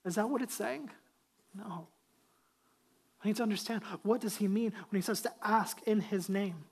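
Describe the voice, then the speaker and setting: Emphatic preaching pastor. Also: male voice, high voice, moderate pace, creaky, slightly rough. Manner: emphatic, asks the congregation rhetorical questions. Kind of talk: sermon.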